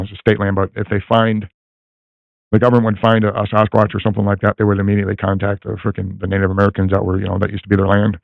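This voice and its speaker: Older guy telling a long rambling story fast, gravelly voice, sounds like a phone line. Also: fairly low pitch, no echo. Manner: rambling, many fillers and restarts. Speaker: guest telling a personal story. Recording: tinny phone-like line, dry.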